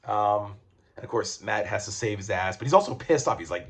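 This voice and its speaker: A man's voice: on the low side, fairly quick, vocal fry. A man reviewing comic books in a casual video, rambling with lots of fillers, restarts and swearing.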